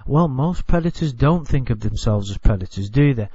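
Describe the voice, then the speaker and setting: A man's voice: mid-range voice, animated, normal speed, dark tone, breathy edge, no room sound, lo-fi sound. Rambling Englishman commenting bluntly. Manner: rambling, self-correcting, blunt. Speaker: video commentator. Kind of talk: casual commentary on a TV clip.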